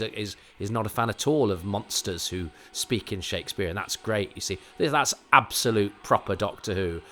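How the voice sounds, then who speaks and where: A man's voice: fairly low pitch, fairly bright tone. A man with an English RP accent giving chatty, digressive watch-along commentary as a podcast host, often poking fun at himself. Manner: chatty, digressive, self-mocking.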